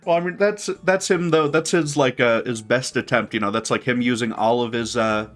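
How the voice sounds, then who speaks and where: A man's voice: mid-range voice, normal speed. A man co-hosting a podcast in casual chat, rambling and hedging his points, with faint music behind. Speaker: podcast co-host.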